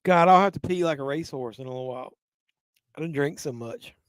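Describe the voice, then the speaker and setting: A man who's been drinking hosts a live movie watch-along, rambling, swearing loosely, and fielding viewers' comments at a quick pace. His slightly high voice is smooth, resonant, and a bit bright. The sound is dry and close, with no echo from the room.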